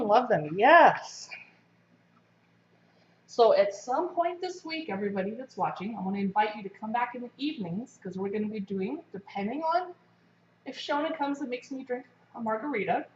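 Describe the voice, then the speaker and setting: A woman with a slightly high voice chats casually to viewers while cooking, talking as she eats and works. She is in a home kitchen with lots of echo, and the sound is a bit dull. A faint hum sits under her voice. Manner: chatty, talks while eating and cooking. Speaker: livestream cooking host. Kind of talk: casual livestream cooking chat.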